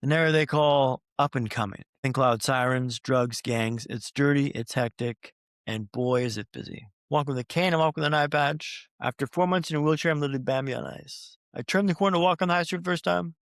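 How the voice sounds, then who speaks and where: Fast-talking gravelly man telling a story. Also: medium pitch, fairly bright tone, no echo, studio quality. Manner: rehearsed speaker's storytelling with repeated phrases for rhythm; addresses the host directly. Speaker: podcast guest. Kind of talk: storytelling in a podcast interview.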